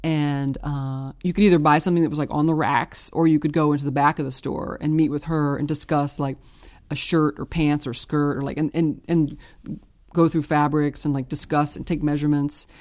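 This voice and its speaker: A woman's voice: deep voice, little pitch movement, moderate pace, darkish tone. A woman in her fifties from the American South, talking in a casual, rambling way with many fillers and restarts. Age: 50s. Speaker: artist guest. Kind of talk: casual interview.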